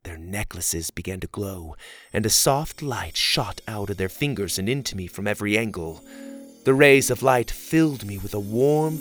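A man narrating a fantasy story in the first person, dramatic, moving from hushed passages to loud, excited ones. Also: fairly low pitch.

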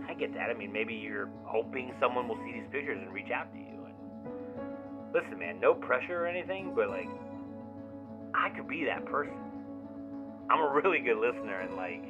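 An actor playing an obsessive young man who leaves rambling, swearing, overly familiar voicemails in an audio drama. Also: mid-range voice. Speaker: caller leaving voicemails. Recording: tinny phone-line voicemail.

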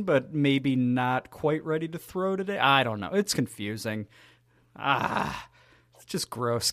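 A man's voice: mid-range voice, bright, forceful tone, no echo. A man co-hosting a casual sports podcast, talking with wry jokes and asides. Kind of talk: casual chat.

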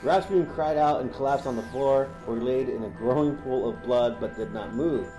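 A man's voice: medium pitch, moderate pace, echoey room, over music, rough recording. A man co-hosting a podcast, reading a story aloud with frequent laughs and stumbles. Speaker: podcast co-host.

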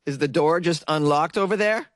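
High-voiced young guy, stoned and giggling, sarcastic news riffs, dry close sound. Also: normal speed, no echo. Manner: laid-back, giggly, sarcastic. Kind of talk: comedic news commentary.

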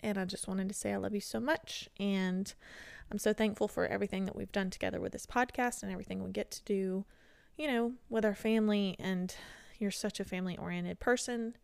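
A woman's voice: medium pitch, fairly even intonation, brisk, vocal fry, darkish tone, clean tone, no echo. A young woman hosting a podcast, speaking in a heartfelt, rambling and self-deprecating way, her voice worn and tired. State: tired voice, barely able to talk. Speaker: podcast host. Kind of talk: emotional solo podcast talk.

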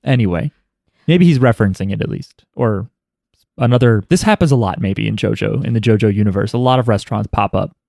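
A man's voice: on the low side, a little fast, creaky, warm tone, no room sound, clean studio sound. A man co-hosting a podcast in joking, rambling casual chat. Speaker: podcast co-host.

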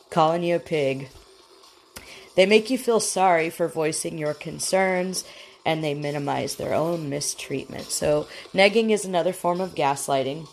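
Low-voiced woman hosting a casual talk. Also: moderate pace. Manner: chatty, frank, acts out quoted lines. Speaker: podcast host.

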